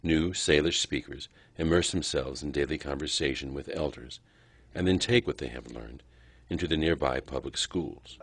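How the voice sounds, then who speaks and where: A man narrating a documentary in a solemn, steady scripted style. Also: extremely low pitch, moderate pace, vocal fry, hardly any pauses, slightly rough.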